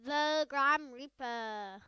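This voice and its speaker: A woman giving casual gameplay commentary on her own video, chatty and excitable, rambling with fillers. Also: high voice, drawn-out words, no room sound. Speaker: gaming video creator.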